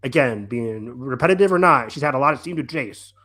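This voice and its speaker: A man co-hosting a casual podcast recap, talking in a rambling, animated way with many restarts and quoted reactions. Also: medium pitch, brisk, faint music behind. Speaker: podcast co-host.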